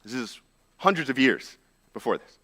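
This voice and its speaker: Bright-voiced man preaching casually. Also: medium pitch, animated, normal speed, breathy edge. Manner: informal, storytelling, many "like" and "right?" asides. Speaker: pastor. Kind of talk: casual conversational sermon.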